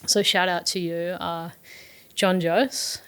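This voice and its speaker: A woman's voice: fairly low pitch, steady tone, slow pace, a bit bright, clean tone. A young adult woman, a startup founder, earnestly telling a personal story in an interview, with many fillers and restarts.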